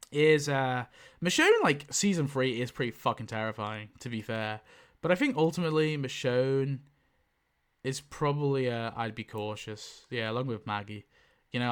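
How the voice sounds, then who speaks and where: A man giving casual, rambling commentary, correcting himself often, swearing freely and jumping up in pitch for emphasis. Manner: animated pitch jumps for emphasis. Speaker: YouTube tier-list ranker.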